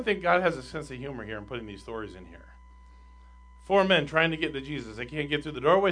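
A man preaching a sermon as pastor, emphatic and asking his congregation rhetorical questions, with his voice swinging between loud and quiet. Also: on the high side, animated, fast.

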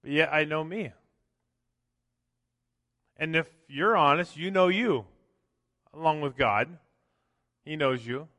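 A man's voice: on the high side, bright, forceful tone, no echo, clean studio sound, big-room sound. A man preaching a sermon as pastor, conversational, often tossing in "right?" and acting out quotes. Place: church sanctuary.

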